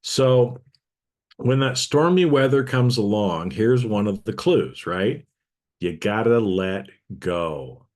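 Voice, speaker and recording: Middle-aged male podcast host, somewhat low voice, easygoing reflective talk that keeps checking in with listeners. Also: expressive, slow pace, darkish tone. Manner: conversational, frequent "okay?" check-ins with listeners. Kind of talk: casual reflective podcast monologue.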